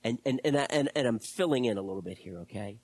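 A pastor preaching a sermon to a congregation, animated and repeating words, dropping to a hush at times. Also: mid-range voice, fast talker, dry recording.

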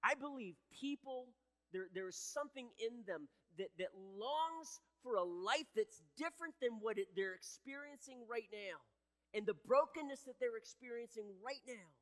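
A man's voice: very high voice, animated, moderate pace, fairly bright tone. A man preaching a sermon earnestly, building in intensity and often restarting his sentences. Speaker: pastor. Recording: echoey hall with long reverb.

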